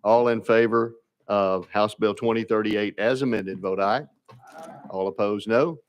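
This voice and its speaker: A man's voice: lowish voice, steady tone, a little slow, slight background noise. A man chairing a legislative committee hearing, polite and procedural.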